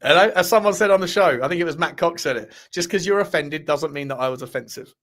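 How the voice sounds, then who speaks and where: A man's voice: fairly high pitch, fast, a bit bright. A man hosting a casual live chat, rambling, bantering with viewers and laughing often. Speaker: livestream host reading chat.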